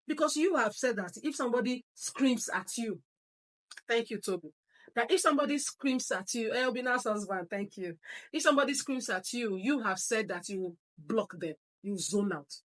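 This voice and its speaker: Animated woman coaching parents. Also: on the high side. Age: middle-aged. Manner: animated storytelling, repeats key phrases; acts out parents and children in quoted voices. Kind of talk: live online parenting class.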